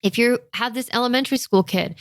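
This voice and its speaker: A woman in her thirties coaching parents in a lively, energetic way, often acting out a parent's inner thoughts and checking in with "okay?". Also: a little high, quick pace, no echo, studio quality.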